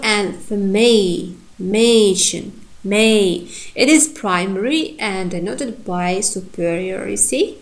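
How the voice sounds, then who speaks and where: A woman with an Uzbek accent teaching a phonetics lesson, slowly repeating example words and pausing on fillers. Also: mid-range voice. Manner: slow, repeats model words with hesitant fillers. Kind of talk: phonetics lecture.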